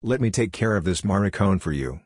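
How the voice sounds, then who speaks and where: A sneering, hot-headed thug spoiling for a fight, as a male narrator reads him. Deep, husky and dry. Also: lively intonation, fairly quick, a little mellow, no room sound.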